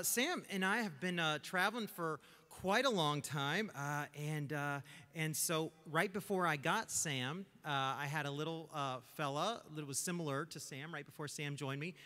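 A man's voice: fairly high pitch, pushed and bright. A man hosting a church puppet show as ventriloquist, talking in a folksy, rambling way. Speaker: ventriloquist host. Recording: hall reverb with music.

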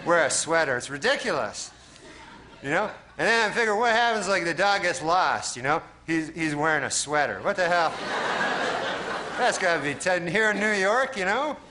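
A man from Canada doing a stand-up comedy set, deadpan and rambling with lots of fillers. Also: sits high, normal speed. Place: TV studio stage. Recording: crowd laughter and noise of a TV studio audience.

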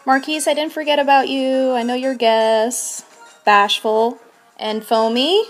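A young woman streaming a video game, breathless and shaking with excitement, gushing and repeating her exclamations. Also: high-pitched, a little slow, faint music behind. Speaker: shiny hunting streamer. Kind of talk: excited live game commentary.

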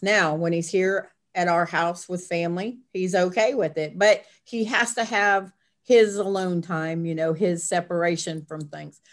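An older woman, a grandmother, chatting as a guest in an interview and telling a family story in a casual, animated way. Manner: chatty, acts out family quotes with lively pitch jumps. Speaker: guest, herbal blend maker.

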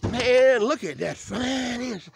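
A man showing off a truck he sold, talking in loud, profane, teasing sales patter into a handheld camera outdoors. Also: very high voice, animated, slow, creaky, slightly rough. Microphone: handheld camera mic. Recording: noisy outdoor camera audio.

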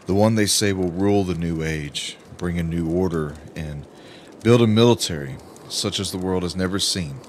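A man narrating an audiobook in a grave, emphatic way with dramatic pauses. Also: deep voice, slight background noise. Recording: music playing under the voice.

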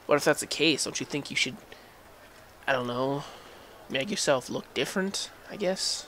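A man's voice: mid-range voice, normal speed, slight background noise. A man giving casual, rambling commentary while playing a video game, chuckling and talking back at the game. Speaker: gameplay commentator. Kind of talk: casual let's-play commentary. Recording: voice over loud game music. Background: game music.

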